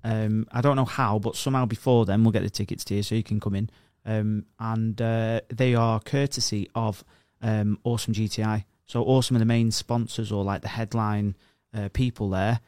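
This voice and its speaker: Blunt, lower-voiced man. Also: fairly even intonation, normal speed, hardly any pauses, darkish tone, smooth, no room sound, studio quality. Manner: blunt, swearing, teasing. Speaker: podcast co-host. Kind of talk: casual banter.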